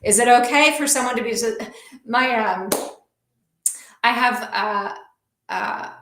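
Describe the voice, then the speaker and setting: A middle-aged woman counselor talking casually on a video call, lively and self-deprecating with quick asides. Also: on the high side, roomy sound, a little hiss or hum, poor audio. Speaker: counselor and guest. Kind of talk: casual conversation. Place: small office room.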